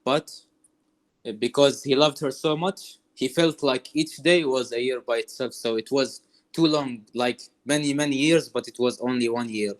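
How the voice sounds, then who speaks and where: A man's voice: medium pitch, normal speed. A male student answering his teacher's question in class, hesitant and searching for words.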